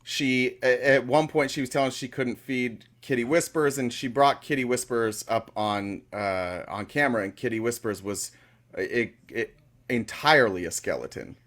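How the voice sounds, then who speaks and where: A man co-hosting a comedy podcast, working through an explanation in stops and starts. His speech is full of hesitant fillers and self-corrections, delivered at a middling pitch. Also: a bit bright. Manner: halting, filler-heavy explaining. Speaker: podcast co-host. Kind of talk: casual comedic chat.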